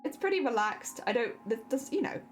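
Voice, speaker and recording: Young woman streamer, high voice, very animated pitch, casual chat, faint music behind. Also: a little fast. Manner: chatty, laughs often, trails off and restarts.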